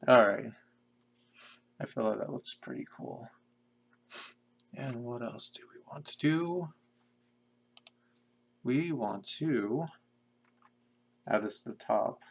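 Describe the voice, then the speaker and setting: A young man casually talking to himself in a flat monotone while drawing pixel art on a live stream. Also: mid-range voice, takes it slowly, gravelly, pauses often, husky. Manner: mumbling to himself, self-described monotone. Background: keyboard typing and clicking.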